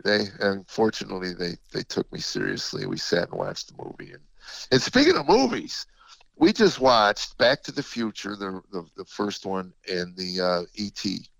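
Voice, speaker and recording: An older man, a comedian guest, telling stories in a reflective, halting way with many fillers, on a dull lo-fi recording. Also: sits low, huge pitch swings, gravelly, fairly bright tone, no room sound. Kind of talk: casual interview storytelling.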